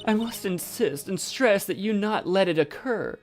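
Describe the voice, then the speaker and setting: A woman's voice: mid-range voice, lively intonation, moderate pace, faint music behind, close to an everyday voice. A woman voicing a stiff, formal aristocratic woman who speaks in a prim, overly polite way.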